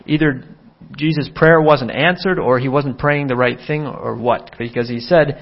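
A man's voice: lively intonation, normal speed, lo-fi sound. A man preaching an earnest sermon, voicing quoted dialogue with a lifted, more urgent tone. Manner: earnest, acts out quoted dialogue with rising pitch.

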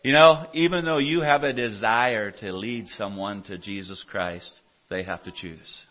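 A man preaching a sermon in a church, telling stories earnestly, his voice rising loud for scripture and dropping low and soft for personal stories. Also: a little slow. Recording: dull lo-fi church audio recording.

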